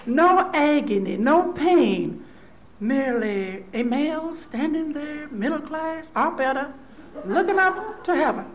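A woman from Louisville, Kentucky, giving a lecture with storytelling, speaking deliberately in repeated, list-building phrases. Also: high voice, lo-fi sound, slight background noise. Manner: deliberate, repetitive preacherly cadence building lists. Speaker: speaker on theology.

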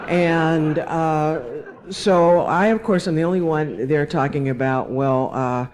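A woman from Alabama speaks as a panelist. She tells a personal story at an unhurried pace, wry and measured, with a dry humor that carries through her telling. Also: low voice, darkish tone.

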